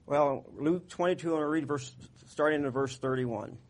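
A man preaching a sermon in a folksy, conversational way, getting louder when he reads scripture. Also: fairly high pitch, normal speed. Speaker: pastor.

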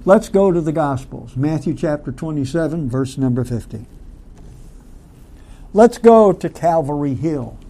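A man teaching a Bible study sermon, slow and deliberate, asking rhetorical questions and leading the listeners in reading scripture aloud. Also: on the high side, animated, warm tone.

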